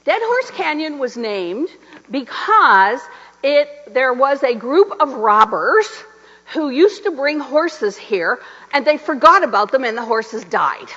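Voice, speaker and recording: A middle-aged woman minister preaches through a story, acting out the people in it with a swooping, animated delivery. Her voice is high and bright. The recording is dull and carries the long reverb of a large church. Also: slow. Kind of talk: sermon with storytelling. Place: church sanctuary.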